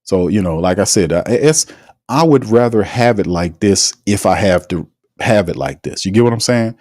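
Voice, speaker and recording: A man's voice: lowish voice, expressive, moderate pace, a little mellow, no room sound, clean studio sound. A man hosting a casual sports podcast, talking in an emphatic, slangy, teasing way and reading out live chat comments. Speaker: podcast host.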